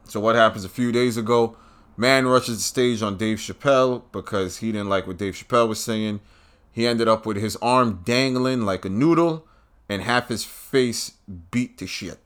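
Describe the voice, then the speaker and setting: A man's voice: fairly low pitch, normal speed, fairly bright tone, clear, resonant tone. Blunt, profane man ranting solo. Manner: scornful, with emphatic jabs on key words. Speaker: podcast host. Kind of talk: solo rant monologue.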